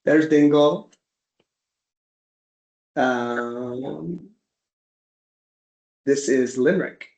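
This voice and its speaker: A man's voice: mid-range voice, extremely slow, gravelly, pauses often, darkish tone, muffled recording. A man from the United States presenting a casual slide-show talk, a chatty storyteller who acts out little dialogues. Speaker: presenter at an interest group talk.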